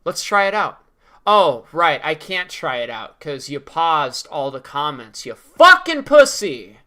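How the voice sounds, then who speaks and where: A man's voice: fairly high pitch, lively intonation, a little slow, bright, forceful tone. A young man ranting in a commentary vlog, sarcastic, profane and mocking. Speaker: video creator.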